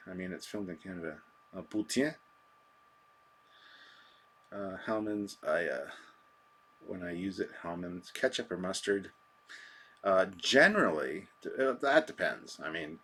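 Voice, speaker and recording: A man's voice: low-pitched, a bit bright, breathy edge. A man hosting a live stream, chatting casually and rambling through viewer comments with a self-deprecating manner.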